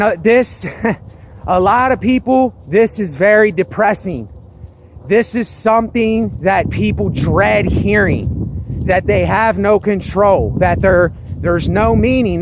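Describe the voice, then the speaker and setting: A man's voice: high voice, background noise. A man talking earnestly and emphatically in a personal vlog, circling back to his points. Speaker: vlogger.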